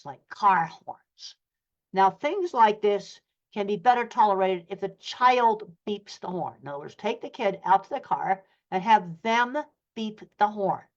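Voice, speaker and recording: A woman's voice: mid-range voice, muffled recording. An older woman, a professor, giving a lecture-style talk over a video call in a direct, plainspoken way with blunt practical examples. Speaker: guest speaker, professor of animal science.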